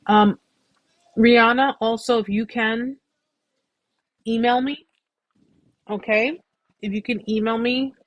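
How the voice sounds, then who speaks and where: A woman hosting a live stream, talking casually and at length, warmly repeating reassurances to her viewers. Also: fairly high pitch, steady tone, takes it slowly, long pauses, no room sound, lo-fi sound. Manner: warm, effusive, repetitive reassurance; talkative, rambling with restarts. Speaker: host of a support live stream.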